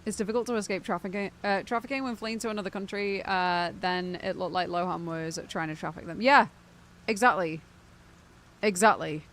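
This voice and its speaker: Bright-voiced British woman streamer, incredulous. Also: mid-range voice, fairly quick. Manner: animated, incredulous, laughs often. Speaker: game streamer. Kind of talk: casual live-stream chat.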